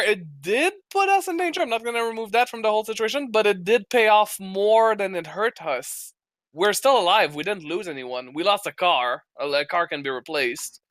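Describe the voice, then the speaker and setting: A man plays a tabletop role-playing game, chatting hesitantly and filling his speech with fillers. His voice is on the high side, a bit bright, clear and resonant, with no room sound.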